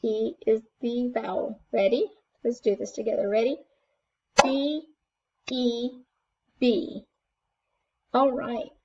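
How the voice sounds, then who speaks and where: A woman teaching a first grade class remotely, speaking in slow, clear, encouraging steps. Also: fairly high pitch, steady tone, dull audio, background noise.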